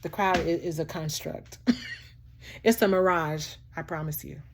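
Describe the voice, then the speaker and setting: In a low, unhurried voice, a woman vlogger delivers a heartfelt motivational message to camera, animated and preachy, often breaking into laughter and calling the listener "child" and "baby."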